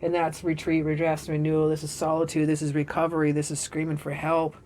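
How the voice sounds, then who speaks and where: A woman giving a storytelling tarot reading in an excitable, dramatic and profane way. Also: deep voice, brisk, a little hiss or hum. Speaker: tarot reader.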